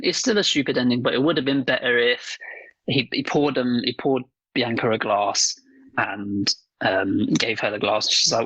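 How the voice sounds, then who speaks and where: A man's voice: mid-range voice, fairly even intonation, fairly quick, sharp tone, breathy edge, no room sound, poor audio. A man co-hosting a casual podcast chat, blunt and swearing freely. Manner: blunt, swears freely, acts out voices while joking. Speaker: podcast co-host.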